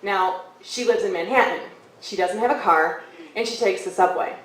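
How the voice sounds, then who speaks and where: A young woman telling a story on stage at a café, casual and lively, acting out quoted lines with hushed asides. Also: medium pitch, normal speed, a crowd in the background. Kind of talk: live storytelling. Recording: echoey live room from far off.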